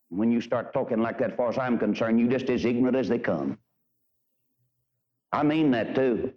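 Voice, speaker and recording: A man's voice: mid-range voice, moderate pace, pauses often, darkish tone. A man preaching a fervent revival sermon in a church, swinging between quoted scripture and blunt, emphatic talk. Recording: dull lo-fi archival sermon recording.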